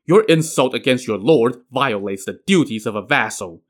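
A man's voice: mid-range voice, animated, normal speed, natural voice. Man doing a careless tyrant king. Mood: commanding.

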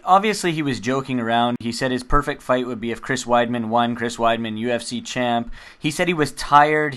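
A man hosting an interview, asking long, measured questions. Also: mid-range voice, a bit bright, clean tone. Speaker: host.

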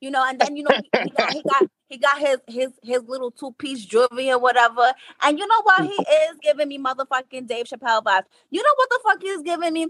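High bright-voiced woman telling a profane tale. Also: animated, quick pace, few pauses, no echo, low-quality recording. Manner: swears constantly, drawls and trails off. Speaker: podcast co-host. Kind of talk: profane storytelling banter.

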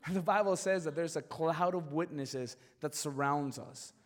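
Excitable high-voiced male pastor. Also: normal speed, big-room sound. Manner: animated, excitable storytelling with many "like" fillers; drops to a hushed, earnest tone for serious points. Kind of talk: storytelling sermon.

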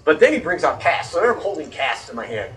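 A man's voice: on the high side, fast talker, distant mic, poor audio. A man telling a long story in casual podcast chat, swearing freely and acting out the voices of the people in it. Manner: animated storyteller, swears, acts out quoted voices.

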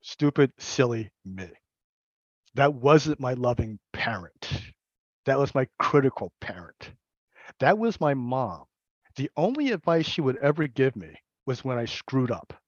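A man's voice: mid-range voice, sing-song, no echo, dull audio. Candid man sharing his recovery story. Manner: candid, halting, with repeated words and laughter. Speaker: recovery meeting speaker. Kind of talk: personal recovery share.

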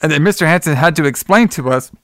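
Man retelling a movie, smooth voice. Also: on the high side, quick pace, no room sound, studio quality. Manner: retells scenes, acting out lines in a raised voice. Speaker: podcast co-host. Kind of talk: casual film recap.

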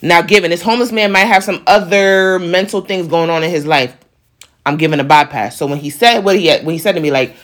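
A woman vlogger with a lowish, brisk voice tells a personal story to her viewers, speaking emphatically in slang and addressing them directly. She sounds on the verge of tears.

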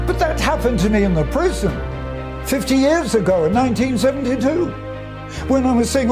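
High-voiced older male preacher, slow and fervent. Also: music in the background. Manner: earnest, fervent preaching with scripture quotes. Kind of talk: sermon.

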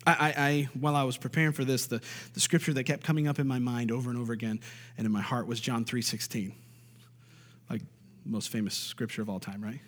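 A man's voice: mid-range voice, long reverb tail. A married man preaching a sermon, stressing key lines by repeating them and calling out for amens. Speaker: pastor.

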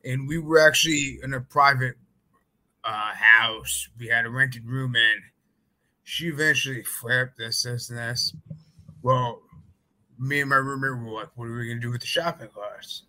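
A man with a very bright, forward voice chats casually. He hedges and fills his sentences with "like" and "I mean". His delivery is loose and conversational. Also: medium pitch, fairly even intonation, moderate pace, poor audio. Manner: chatty, hedging, many fillers. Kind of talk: casual chat.

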